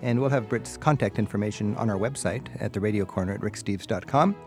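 A man's voice: on the low side, fast, darkish tone, soft background music. A man hosting a radio travel show, asking curious, enthusiastic questions and laughing easily. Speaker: radio host. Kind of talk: radio interview.

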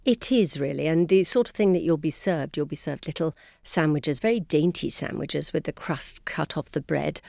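A middle-aged English woman, a London tour guide, explaining customs in a chatty, gently amused way on a radio interview. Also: low-pitched, normal speed, creaky, hardly any pauses, no echo, studio quality.

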